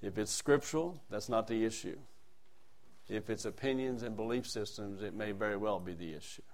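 A man's voice: on the low side, normal speed. Man preaching with big dynamic swings. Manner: swings between soft asides and loud emphatic lines; reads scripture in a raised declaiming voice. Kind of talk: sermon.

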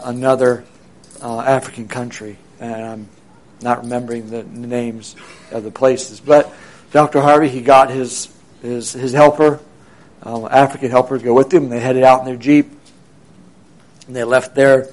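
A man's voice: mid-range voice, darkish tone. A man casually telling a long anecdote, with many fillers and restarts, briefly acting out the people in it. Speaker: storyteller. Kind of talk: casual spoken storytelling.

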